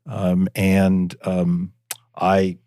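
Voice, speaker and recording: A man's voice: sits low, completely flat delivery, drawn-out words, dark tone, no room sound, studio quality. A man from northeastern Pennsylvania, a guest on a podcast, telling local history in a chatty storytelling way with many fillers. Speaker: guest, preservation society director. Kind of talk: casual podcast interview.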